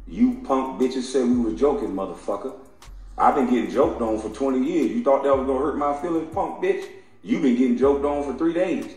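A man's voice: mid-range voice, darkish tone. Man ranting in a very echoey room. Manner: taunting, mocking, laughing between insults. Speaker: commentator. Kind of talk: profane heated rant. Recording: very echoey room with faint music.

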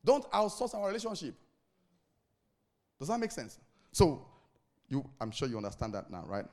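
This male preacher has a fairly high, slightly mellow voice that swings widely in pitch at a moderate pace. Leading his congregation as pastor, he hammers home key phrases and asks them questions to answer back in call-and-response.

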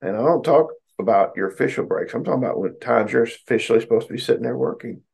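A man's voice: medium pitch, expressive, fast talker, gravelly, a little mellow, slightly rough. A middle-aged American man, a psychotherapist host, giving casual advice to his listeners in a folksy, joking way.

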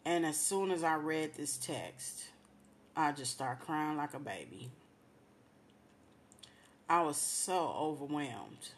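On her radio show, a woman with a deep, expressive voice gives a moving personal testimony of faith, praising and thanking God again and again. She speaks slowly with frequent pauses, and there is a little hiss or hum.

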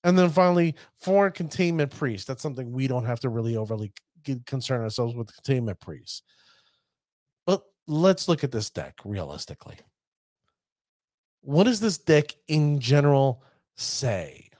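A man giving casual commentary on a card game deck, chatty and addressing his viewers as ladies and gentlemen. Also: medium pitch, big pitch swings, normal speed, no echo, clean studio sound.

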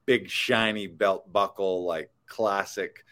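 A Canadian man with a Canadian accent hosts a casual podcast for actors. His voice sits fairly low, and he rambles through stories with plenty of "um" and "uh" as he goes. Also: steady tone, slow pace, fairly bright tone. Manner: rambling storyteller, many fillers. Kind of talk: casual chat.

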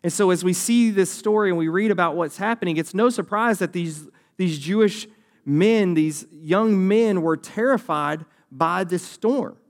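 Animated young pastor preaching to a congregation. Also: male voice, high-pitched, unhurried. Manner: conversational, animated, acts out voices in the story. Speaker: youth pastor. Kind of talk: sermon.

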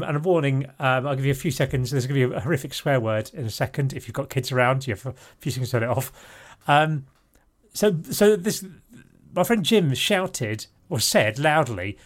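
A man's voice: mid-range voice, animated, a little fast. A middle-aged man casually telling a rambling story on a podcast, correcting himself as he goes and breaking into laughter.

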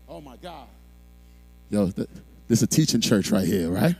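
A middle-aged male pastor preaching a sermon, moving from quiet storytelling to shouted exhortation. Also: medium pitch, big pitch swings, moderate pace, vocal fry, long pauses, breathy edge.

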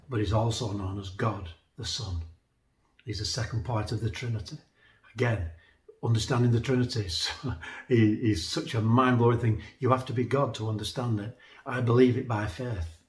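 A man preaching in an earnest, conversational manner, circling back over his words as he builds each point. His voice sits in a middle register, and the room around him rings with echo. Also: mid-range voice. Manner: earnest, conversational, repeats words when emphasizing. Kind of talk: sermon. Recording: echoey room.

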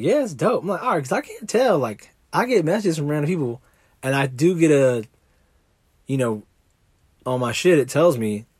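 A man's voice: a little high, slightly rough, dry recording, studio quality. A man hosting a podcast, rambling in casual chat and swearing freely. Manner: rambling, profane, laid-back. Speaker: podcast host. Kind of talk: casual monologue.

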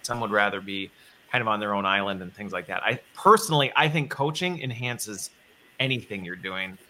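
A man with a bright, forward voice hosts a relaxed conversation. He thinks aloud as he goes, circling back and rephrasing his points before landing them. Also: fairly low pitch, fairly quick. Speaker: podcast host. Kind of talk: conversational interview.

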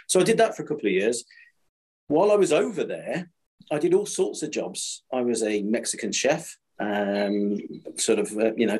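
A man's voice: mid-range voice, slightly rough. A British man in his fifties chatting casually on a podcast, rambling and restarting as he tells stories. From Britain. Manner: rambling, repeats and restarts, animated storytelling. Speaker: supplier to the screen printing trade.

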